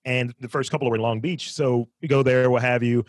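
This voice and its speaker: A man's voice: medium pitch, brisk, no room sound. A man from Baltimore with a Baltimore accent, telling stories in casual podcast chat and swearing a lot. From Baltimore, US East Coast. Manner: animated storyteller, swears, laughs. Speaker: podcast co-host.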